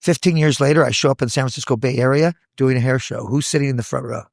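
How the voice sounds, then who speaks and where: A man in his sixties, a hair educator, telling stories from his career in a lively podcast chat, acting out the voices of people he quotes. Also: mid-range voice, quick pace, gravelly, no echo, studio quality. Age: 60s. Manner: animated storyteller, acts out quoted voices. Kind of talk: casual podcast storytelling.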